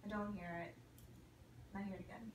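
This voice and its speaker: A woman's voice: medium pitch, steady tone, fairly quick, a little hiss or hum. A woman playing the patient in a demonstration exam, answering with brief replies. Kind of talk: short answers during an exam. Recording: echoey room, mic far off.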